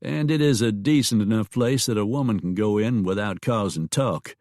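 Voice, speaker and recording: A man's voice: on the low side, moderate pace, darkish tone, dry recording, studio quality, close to an everyday voice. A man voicing a blunt, teasing small-town sheriff in a Western audiobook. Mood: plain. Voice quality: wry, blunt.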